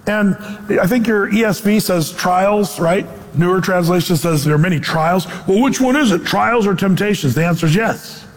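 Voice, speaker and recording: Animated male pastor, high voice, hall echo. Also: normal speed. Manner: animated, acts out quoted voices. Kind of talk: sermon.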